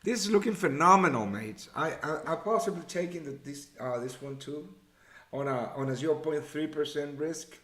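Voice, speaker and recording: A man's voice: a little high, normal speed, fairly bright tone. A man hosting a live trading show, chatting casually, thinking aloud, muttering figures and swearing now and then. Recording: echoey room.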